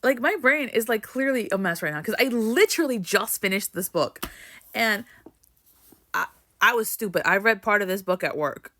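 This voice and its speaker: A woman's voice: mid-range voice, lively intonation, normal speed, sharp tone. A young woman ranting emotionally about a book in a casual vlog, swearing and rambling with lots of "like". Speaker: book vlogger.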